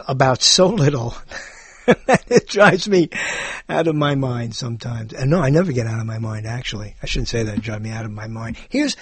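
A man hosts his own podcast in a rambling solo monologue, playful and meandering, amusing himself with frequent laughs. His voice is medium in pitch, a bit bright, with a breathy edge, and the recording is dry.

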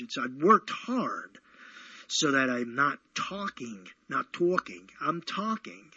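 A man's voice: on the high side, slightly rough, no echo, highs cut off. A man from Brooklyn hosting an internet talk show, rambling and correcting himself as he goes. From Brooklyn, New York. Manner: rambling, self-correcting, excitable. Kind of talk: rambling solo radio talk.

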